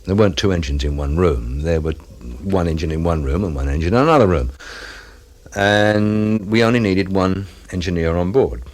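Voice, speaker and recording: A man who served on an offshore radio ship tells, in an interview, a wry tale of events at sea, with quick asides. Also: low-pitched. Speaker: former crew member of an offshore radio ship. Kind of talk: reminiscing in an interview.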